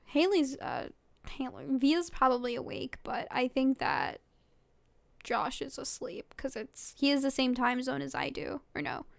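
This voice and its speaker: Casting: tired young woman vlogger, high unhurried voice, giggly rambling chat, dry close sound. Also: gravelly, dry recording. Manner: giggly, rambling, full of fillers. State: sleepy. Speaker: vlogger reading fan fiction. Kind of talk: casual late-night reading aloud.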